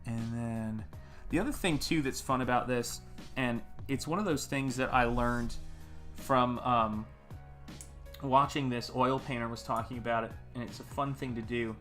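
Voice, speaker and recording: American male stream host, rambling and friendly, bright tone, faint music under him. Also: medium pitch, steady tone, moderate pace. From United States. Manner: rambling, chatty, greets viewers in chat. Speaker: artist livestream host. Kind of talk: casual livestream chat.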